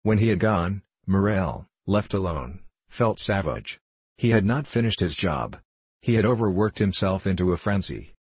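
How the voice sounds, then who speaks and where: Low husky male audiobook narrator. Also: very animated, normal speed, a little mellow, dry recording. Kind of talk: scripted narration.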